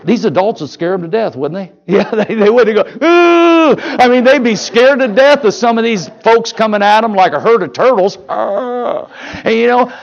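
A man's voice: high-pitched, highs cut off. An older man preaching a sermon in a church, folksy and joking, firing questions at the congregation. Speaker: pastor.

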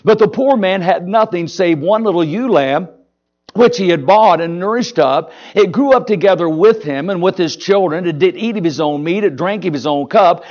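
A pastor preaching a sermon, folksy and emphatic, mixing jokes with rising exhortation. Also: male voice, sits high, normal speed, darkish tone, muffled recording.

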